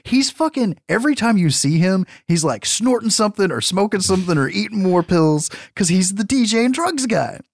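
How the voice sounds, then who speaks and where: A man's voice: sits high, fairly quick, creaky, hardly any pauses, dry recording. Guy recapping a movie on a podcast, swears a lot, laughs constantly, voice swings all over, dry sound. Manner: profane, laughing, animated storytelling. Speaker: podcast host.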